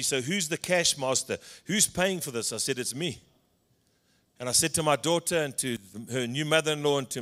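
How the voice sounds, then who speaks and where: A middle-aged man from South Africa preaching a sermon, telling personal stories and acting out the dialogue, swinging between loud passages and hushed ones. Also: fairly high pitch. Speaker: pastor.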